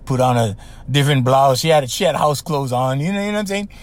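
An older man with a Hawaiian accent, hosting a podcast and telling a story in a slangy, animated way with lots of repeats. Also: medium pitch, quick pace. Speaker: podcast host. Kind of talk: casual storytelling.

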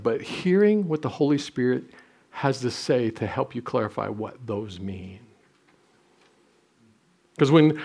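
A man's voice: a little high, darkish tone. A man in his sixties preaching a sermon, telling stories with self-deprecating humor and some restarts. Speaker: pastor.

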